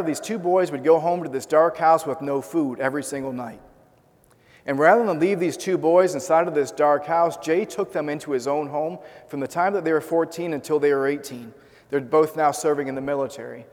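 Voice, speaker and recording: A man with a slightly high voice delivers an earnest sermon, weaving a personal story into rhetorical questions for his congregation. His words carry the long reverb of a large church hall. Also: normal speed, a little mellow. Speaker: pastor.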